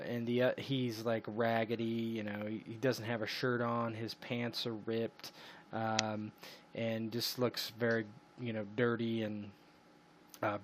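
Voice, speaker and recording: A man's voice: mid-range voice, a little hiss or hum. A man running a tabletop role-playing game as game master, describing scenes in a loose, rambling way with lots of hesitations. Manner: rambling, full of ums and "you know".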